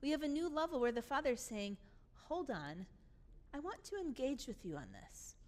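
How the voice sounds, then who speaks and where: High-voiced woman pastor preaching. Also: very animated, normal speed, a little mellow. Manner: emphatic, voicing the father's lines with rising force. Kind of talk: sermon. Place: church sanctuary.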